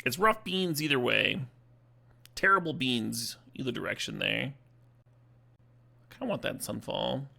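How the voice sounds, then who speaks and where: Gravelly bright-voiced male streamer. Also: medium pitch, expressive, a little slow, long pauses. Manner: swears casually, laughs often, thinks aloud. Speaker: streamer playing a card game. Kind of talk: casual live-stream commentary.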